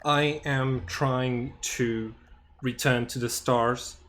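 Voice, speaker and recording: Guy doing a sentient computer mind, slow and halting, talks kinda unhurried, faint hiss behind. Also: medium pitch, steady tone, a bit bright. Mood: measured. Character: sentient computer intelligence that longs to return to the stars. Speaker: game master voicing a character.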